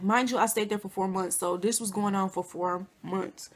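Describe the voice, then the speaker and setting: Bright, chatty young woman vlogger. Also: on the high side, brisk, few pauses. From Flint, Michigan, USA. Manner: chatty, addresses viewers as y'all and girl, animated quotes. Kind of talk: casual storytime.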